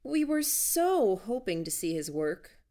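A woman narrator voicing an eager young woman who gushes to win someone over, pitched a little higher. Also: normal speed, lightly acted. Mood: effervescent. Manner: bright, overly eager.

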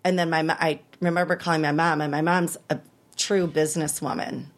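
A woman in her thirties tells a personal story in an interview, her voice fairly low for a woman. She is animated and acts out the other people's lines. Her pitch jumps high when she relives the hardest moments. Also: fairly quick. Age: 30s. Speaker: interview guest.

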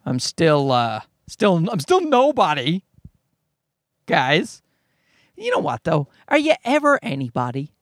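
A man's voice: a little high, huge pitch swings, slow pace, a bit bright, dry recording, studio quality. A man in his thirties from Newfoundland, a stand-up comedian telling a rambling, profane story in a casual monologue. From Newfoundland, Canada. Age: 30s. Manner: rambling, easily sidetracked; profane and blunt.

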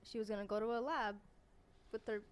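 A woman's voice: a little high, fairly even intonation, a little fast, clear, resonant tone. A young college woman telling a story among friends in a casual podcast chat. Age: young adult.

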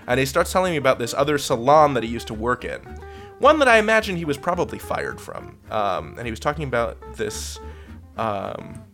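Male podcast co-host, lively comedic storyteller with a very expressive pitch range; a faint guitar bed plays under him. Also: fairly quick. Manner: animated, acts out quoted people with big pitch jumps.

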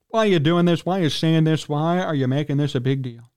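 A man with a Chicago accent, hosting a sports talk radio show, ranting indignantly and clearing his throat as he gets worked up. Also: normal speed, pauses often, darkish tone. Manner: indignant, ranting, pitch jumps when worked up. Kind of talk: heated sports talk rant.

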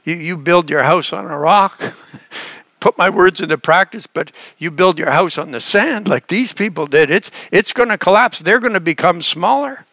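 Man, pastor, sermon, high voice, bright tone, emphatic questioning. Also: normal speed, dry recording. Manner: earnest, questioning, emphatic with restarts.

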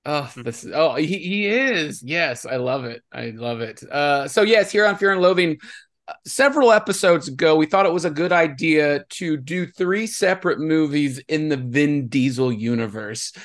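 A man's voice: fairly high pitch, animated, moderate pace, fairly bright tone. A man hosting a podcast in casual chat, upbeat and jokey, laughing often. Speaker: podcast host. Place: Texas.

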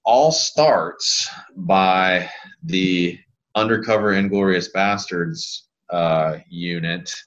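A man in his thirties with a very low voice chats as a podcast guest. He tells loose, rambling stories in a laid-back way. The audio is a bit dull and lo-fi. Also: extremely slow, fairly bright tone. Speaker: guest, pelvic health physical therapist. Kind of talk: casual podcast conversation.

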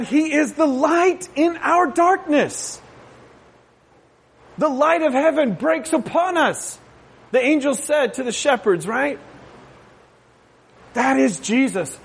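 A pastor preaching a sermon in a conversational way, often checking with listeners and adding jokey asides. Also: male voice, very high voice, breathy edge. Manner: conversational, asks the crowd "right?".

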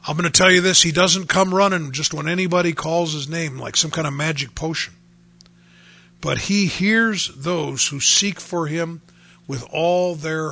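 A man's voice: on the high side, vocal fry, pushed and bright. A middle-aged man preaching on a radio show, earnestly quoting scripture in old-fashioned wording. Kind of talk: radio sermon.

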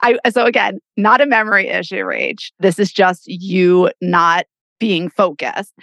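A middle-aged woman therapist co-hosting a podcast, explaining calmly and laughing easily. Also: on the low side, measured pace, gravelly, dry recording, studio quality. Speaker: therapist co-host. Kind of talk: casual chat.

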